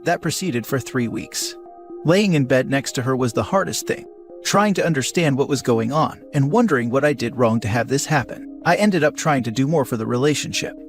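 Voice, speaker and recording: Reading an online post aloud, a man narrates in a calm, even storytelling manner. His voice is pitched in the middle range, with gentle music faintly in the background.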